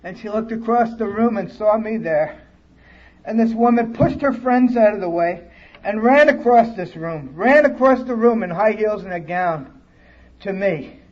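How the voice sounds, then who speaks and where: A man's voice: sits high, lively intonation, unhurried, muffled recording. A man speaking at a recovery conference, telling his personal story bluntly and with profanity. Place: conference hall.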